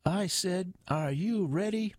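A man voicing a loud male TV fitness host who screeches at a crowd from a stage. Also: slow pace, no echo. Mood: hyped. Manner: shrill, hyped-up shouting. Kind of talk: audiobook character voice.

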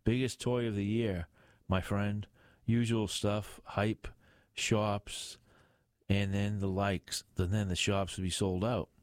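A man's voice: fairly low pitch, flat delivery, takes it slowly, clean tone, no room sound, clean studio sound. A man voicing a weary, grumpy middle-aged male police inspector who grumbles irritably. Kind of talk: audiobook character voice.

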